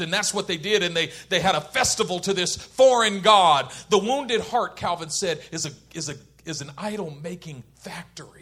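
A man preaching a sermon, shifting between loud emphasis and quiet intensity, and laughing as he tells a personal story. He grew up in Oakland, California. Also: sits high, animated, moderate pace, hardly any pauses, breathy edge.

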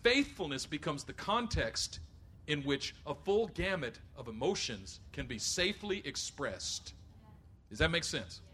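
A middle-aged man preaching a sermon, animated, acting out voices of others and rising to near shouts. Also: a little high, a little slow, a little hiss or hum. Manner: acts out voices of others in quotes. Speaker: pastor.

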